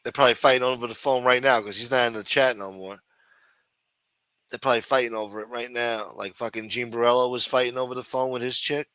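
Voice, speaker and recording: A man's voice: mid-range voice, steady tone, quick pace, fairly bright tone, smooth, no room sound. A man hosting a livestream, reading news headlines and riffing on them with crude, sarcastic, profanity-laced commentary. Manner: crude, sarcastic, reads headlines aloud then rants. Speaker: livestream host.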